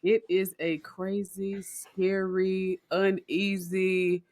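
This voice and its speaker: A woman's voice: mid-range voice, little pitch movement, extremely slow, darkish tone. A woman guest on a podcast speaking earnestly and reflectively about her business. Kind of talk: conversational interview.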